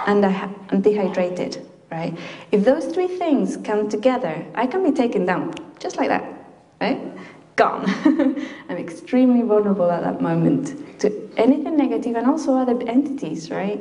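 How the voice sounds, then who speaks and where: In an echoey library meeting room, a woman from Chile chats informally with a group, her mid-range voice warm. Laughter and fillers come up frequently as she talks.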